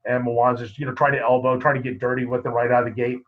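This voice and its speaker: A man, a wrestling coach, telling stories in a casual interview, lively and full of quoted dialogue. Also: mid-range voice, quick pace. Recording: muffled lo-fi podcast audio.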